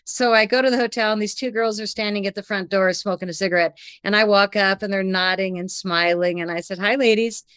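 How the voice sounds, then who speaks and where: A woman telling a personal anecdote in conversation, lively and breathless, acting out the lines of the people in it. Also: medium pitch, fairly quick, hardly any pauses, smooth, no room sound. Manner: lively, breathless retelling with acted-out quotes.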